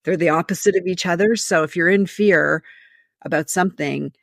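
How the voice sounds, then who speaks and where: A woman's voice: lowish voice, normal speed, creaky, dry recording, clean studio sound. A woman leadership coach, a guest on a podcast, giving advice in an emphatic, story-driven way. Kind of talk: conversational podcast interview.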